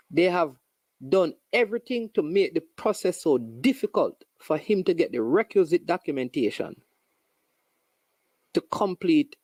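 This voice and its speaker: A host with a Jamaican accent giving an animated, sarcastic casual commentary monologue with local phrases. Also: mid-range voice, dry recording.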